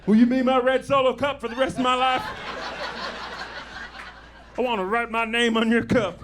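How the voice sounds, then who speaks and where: A man's voice: very high-pitched, steady tone, normal speed. A man in a comedy club audience, firing back joking quips at the comedian. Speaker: audience member. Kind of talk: shouted banter from the crowd. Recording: live club recording, crowd and noise.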